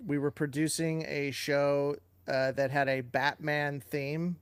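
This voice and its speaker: Chatty man with a higher voice. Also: level tone, slow, smooth, dry recording. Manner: chatty anecdotes with filler and restarts. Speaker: co-host and TV producer. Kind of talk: casual live Q&A storytelling.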